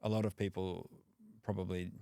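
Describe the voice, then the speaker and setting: A man's voice: low voice, moderate pace, vocal fry, clean tone, no echo. A man from Australia, a podcast guest, chatting casually with lots of "like" and "you know". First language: English. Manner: relaxed, frequent "like" and "you know" fillers. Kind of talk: casual conversation.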